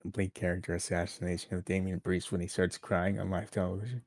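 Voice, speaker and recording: A man's voice: low voice, level tone, fast talker, a little mellow, dry recording, clean studio sound. A man co-hosting a wrestling review podcast in casual chat, wry and sarcastic, acting out what people said. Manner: wry, sarcastic, acts out quotes. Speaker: podcast co-host.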